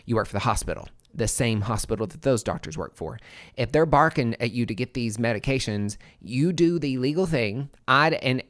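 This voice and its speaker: A man hosting a podcast, telling his own story in a candid, animated, profane monologue full of fillers. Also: medium pitch, moderate pace. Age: adult, former nurse.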